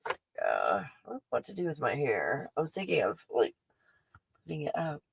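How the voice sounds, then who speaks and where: A woman's voice: low voice, huge pitch swings, moderate pace, vocal fry, a little hiss or hum, low-quality recording. A woman hosting a live stream, chatting casually and effusively with her viewers and often restarting her sentences. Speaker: livestream host.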